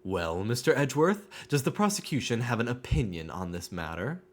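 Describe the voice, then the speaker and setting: A man voicing a stern older male judge from a video game, making formal, deliberate pronouncements. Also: medium pitch, big pitch swings.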